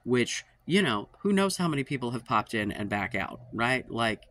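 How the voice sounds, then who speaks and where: A man's voice: medium pitch, sing-song, normal speed, a bit bright, no echo. A man hosting his own channel, venting in an exasperated, profane monologue, sighing and trailing off, fed up and worn out. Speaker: channel host giving dating advice. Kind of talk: frustrated monologue to camera.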